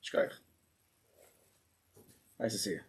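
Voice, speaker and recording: A man giving an informal Torah class to a small group, animated and acting out angry people as he explains. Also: slow pace.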